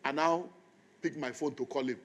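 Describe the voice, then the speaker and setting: Nigerian preacher telling a story. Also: male voice, mid-range voice, moderate pace. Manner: animated storytelling, acts out dialogue. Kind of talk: storytelling sermon.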